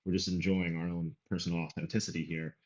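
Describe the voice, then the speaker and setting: A man's voice: low-pitched, level tone, fast, darkish tone, highs cut off. A man doing casual reaction commentary, rambling and talking over the clip he is playing. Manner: rambling, conversational, talks over clips.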